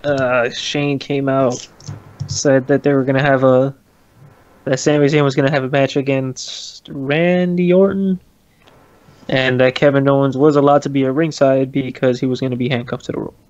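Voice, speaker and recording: A man's voice: medium pitch, steady tone, moderate pace, darkish tone, lo-fi sound. A man casually chatting about wrestling as a podcast co-host, laughing often and swearing casually.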